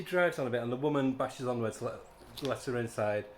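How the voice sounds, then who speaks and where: A man's voice: medium pitch, brisk, slight background noise. A man giving a casual spoken comic book review, ranting in a sarcastic, exasperated way. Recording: echoey room.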